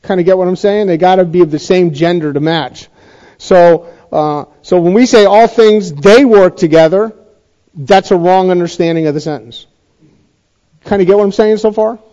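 In a dull lo-fi recording, a man with a high, warm voice leads a Bible study at a moderate pace. He teaches the passage conversationally, frequently checking in with the congregation and restating points to stress them.

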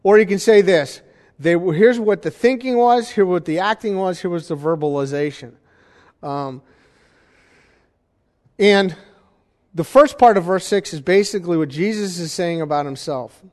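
Guy pastor w a high voice, teaching sermon, lots of questions to the room, big echoey hall. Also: normal speed, pauses often, darkish tone. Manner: teaching, asks the congregation questions, emphatic. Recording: long hall reverb.

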